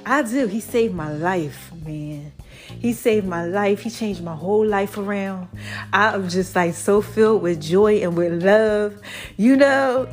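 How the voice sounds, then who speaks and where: A woman hosting a casual devotional podcast, animated and laughing, stretching out her words. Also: medium pitch. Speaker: podcast host.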